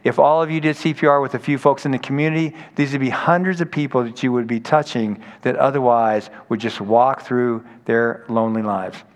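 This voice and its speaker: A man's voice: mid-range voice, steady tone, a little fast, hardly any pauses. A man preaching a sermon in a conversational, storytelling way, acting out quoted people as he goes. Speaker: pastor. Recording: long hall reverb.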